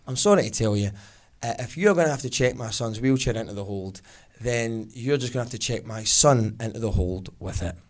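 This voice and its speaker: A man doing a calm, stoic, passive-aggressive mother in a stand-up routine, cool and measured. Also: mid-range voice, pitched below the performer's own voice, natural voice. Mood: icily polite. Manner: cool, measured, quietly cutting. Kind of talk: stand-up comedy impression.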